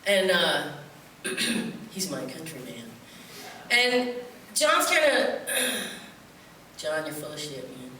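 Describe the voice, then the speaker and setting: A woman from upstate New York tells loose, joking stories full of asides, with a bright, fairly high voice. She is heard from a distance in a very echoey theater, and a faint hum of the room sits underneath. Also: big pitch swings, slow pace, pauses often. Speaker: poet performing at a festival. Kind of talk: rambling comic stage storytelling. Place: theater stage before an audience.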